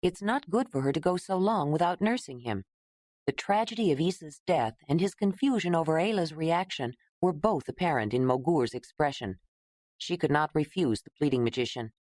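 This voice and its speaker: A woman narrating an audiobook in a measured, steady way. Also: sits low, no echo.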